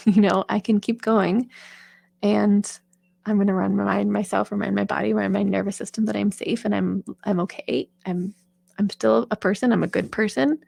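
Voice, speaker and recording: A woman's voice: medium pitch, steady tone, moderate pace, vocal fry, darkish tone, dry recording. A woman singer and vocal coach giving chatty, encouraging advice in a casual talk, with lots of fillers.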